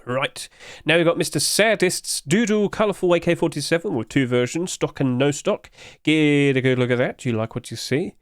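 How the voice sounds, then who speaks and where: A man's voice: a little high, normal speed, no echo, clean studio sound. A young man giving casual commentary on video game skins, chatty and often asking his viewers questions. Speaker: video game skin reviewer.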